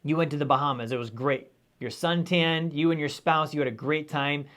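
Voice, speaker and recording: Upbeat higher-voiced man teaching finance. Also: a little fast. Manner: energetic, conversational, keeps asking "right?". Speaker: finance educator. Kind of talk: live-streamed lecture.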